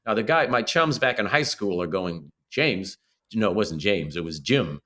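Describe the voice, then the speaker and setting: Older man telling stories haltingly, low-pitched. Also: expressive, a bit bright. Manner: halting, full of restarts and self-corrections. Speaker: guest actor. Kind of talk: casual interview chat.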